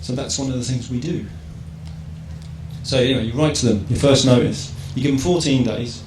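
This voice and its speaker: Speaking at a fairly quick clip in a medium pitch, a public speaker from England gives a casual talk to an audience in an event hall. He poses rhetorical questions and repeatedly checks in with the crowd using "right?". The recording carries the hall's echo, faint ambience, and a noisy background.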